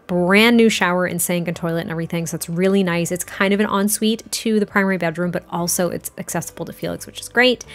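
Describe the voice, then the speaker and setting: Chatty woman narrating a game story. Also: mid-range voice. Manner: chatty, lots of "like" and "you know". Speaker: Sims storyteller YouTuber. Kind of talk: casual story narration over gameplay.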